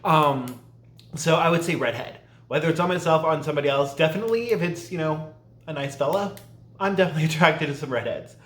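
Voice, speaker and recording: A man's voice: a little high, fast talker, roomy sound, slight background noise. A man vlogging casually at home, rambling and stopping himself mid-thought, with a laugh never far off. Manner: rambling, self-interrupting, laughs often. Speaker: YouTube vlogger. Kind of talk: casual chatty tag video.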